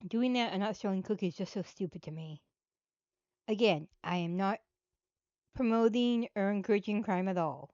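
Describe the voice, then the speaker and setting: Woman, blunt sarcastic commentary, mellow tone, lo-fi dry recording. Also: medium pitch, normal speed, dry recording. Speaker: host. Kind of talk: casual live commentary. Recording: dull dry lo-fi.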